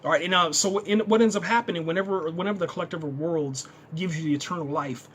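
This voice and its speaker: A man giving a casual, excitable, unscripted TV review, dropping "man" into nearly every sentence. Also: a little high, fast, slight background noise. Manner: excitable, says "man" constantly. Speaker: TV show reviewer.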